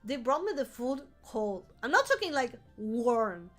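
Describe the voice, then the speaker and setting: A woman's voice: a little high, sing-song, unhurried, a bit bright, soft background music. A woman streamer telling a rambling story in casual live-stream chat, swearing freely and laughing often. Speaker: vtuber streamer.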